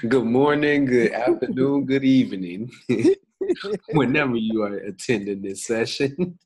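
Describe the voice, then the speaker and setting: A man's voice: mid-range voice, lively intonation, a little slow, a little mellow, breathy edge, rough recording. A young man co-hosting a podcast in a casual, slangy, laid-back way, chuckling between thoughts. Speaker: podcast co-host.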